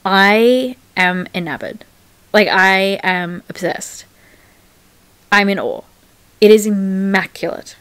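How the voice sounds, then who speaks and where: A woman's voice: mid-range voice, takes it slowly, long pauses, a bit bright, clear, resonant tone, dry recording. A young woman chatting casually in a reading vlog, gushing about a book with lots of filler words. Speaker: book vlogger.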